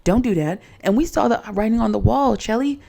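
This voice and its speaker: A woman's voice: fairly high pitch, lively intonation, brisk, creaky, warm tone. A woman recapping a reality dating show in a chatty, sassy way, with lots of fillers and asides to viewers.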